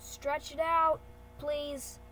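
Slow, high-voiced playful woman. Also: level tone, a bit bright, a little hiss or hum, low-quality recording. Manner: rambling, playful, self-correcting. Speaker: channel host. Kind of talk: casual screen-recording commentary. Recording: keyboard and mouse clicks behind. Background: typing and clicking.

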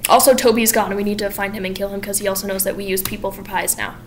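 A woman's voice: medium pitch, level tone, racing, soft background music, close to an everyday voice. A woman voicing a scheming female pie-shop owner who talks in a sugary, chatty way.

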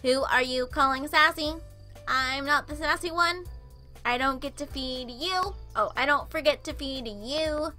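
A huffy, sassy male robot bird, all melodrama and wounded pride, as a woman puts him on. The voice is high and bright, and he sulks through every line of the game. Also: measured pace, soft background music. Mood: sassy, melodramatic.

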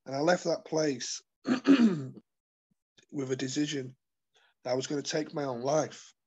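A man telling his life story as an interview guest, earnest and halting, with many fillers and restarts. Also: fairly high pitch, a little mellow, breathy edge, lo-fi sound. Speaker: guest sharing his testimony. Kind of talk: personal testimony in conversation.

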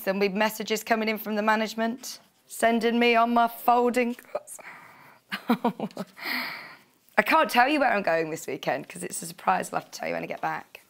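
A woman presenting fabric on a live TV shopping channel, chatty and gushing, with frequent gasps and laughs. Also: on the high side. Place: TV studio.

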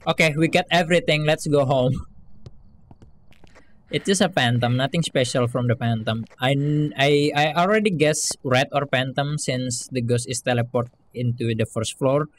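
Gamer guy, mid pitch, chatty commentary in broken English, faint hiss behind. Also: normal speed. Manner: broken English, talks through his moves to teammates. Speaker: gamer streaming a horror game. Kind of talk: casual gameplay commentary.

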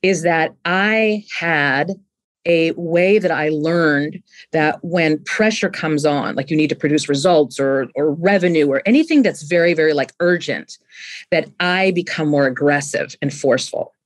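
A woman in her fifties, a guest on a podcast, talking about leadership in an animated way and often restarting with repeated words. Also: low voice, measured pace. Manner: animated, acts out quoted voices, repeats words when starting a thought. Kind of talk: conversational interview.

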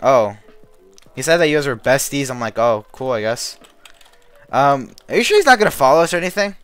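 A man live-streaming a game, chatting in a rambling, excitable way with a friend over voice chat. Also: fairly high pitch, smooth, soft background music. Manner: rambling and excitable, quick to shout. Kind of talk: casual gaming chat.

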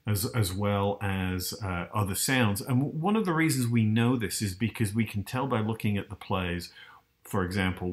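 A man hosting, explaining casually and hesitantly, often turning to ask the listener. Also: on the low side. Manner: hesitant, many restarts and fillers, asks the listener. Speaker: host.

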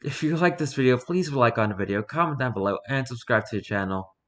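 A man's voice: medium pitch, lively intonation, fast talker, a bit bright. A man, a video game YouTuber, talking casually to his viewers as he wraps up a let's-play session.

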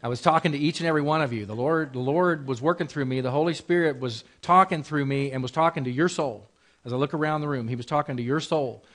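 A man's voice: on the high side, fast talker, a bit bright. Conversational male pastor preaching a sermon. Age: adult, married. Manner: conversational, repeats phrases, asks rhetorical questions. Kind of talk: sermon in a Bible class.

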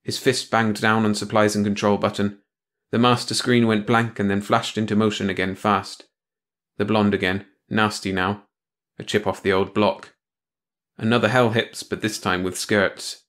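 A man reads a short story aloud as an audiobook in a steady, measured way. His voice is fairly low and keeps an unhurried storytelling pace. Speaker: audiobook narrator. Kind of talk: scripted story narration.

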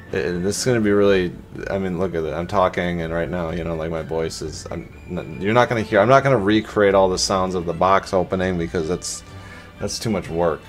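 Rambling man narrating a toy unboxing. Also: low voice. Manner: rambling, playful, self-narrating with many fillers. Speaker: toy vlogger. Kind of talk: casual unboxing vlog.

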